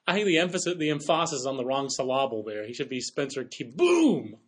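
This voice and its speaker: A man hosting a sports podcast, talking in a quick, chatty way with playful asides. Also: medium pitch, lively intonation, fairly bright tone. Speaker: podcast host. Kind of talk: casual sports chat.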